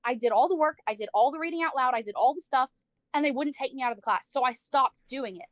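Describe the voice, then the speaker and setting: A woman's voice: high voice, fast, dry recording. A woman livestreamer telling a personal story in casual chat, saying "like" a lot, swearing freely and acting out the people she quotes.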